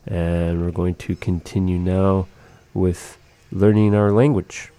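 A man's voice: low voice, level tone, takes it slowly, mellow, clear, resonant tone, no room sound. A man casually teaching phrases of his language to a partner, patiently repeating each word.

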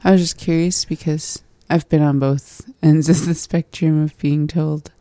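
Low slow-talking woman learning words, asks questions, mellow tone. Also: fairly even intonation, dry recording. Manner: curious, asks questions and repeats words back. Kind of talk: casual language lesson.

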